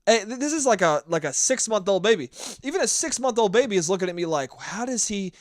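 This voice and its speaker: A man's voice: high voice, sing-song, quick pace, no room sound, clean studio sound. A young man hosting a solo podcast, telling stories in a blunt, profane rant. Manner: blunt, profane, ranting storyteller. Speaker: podcast host.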